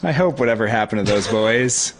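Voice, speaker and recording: A man's voice: on the low side, lively intonation, brisk, slight background noise. Wry, chuckling podcast co-host, man. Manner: wry, chuckling reactions and commentary. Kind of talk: casual chat.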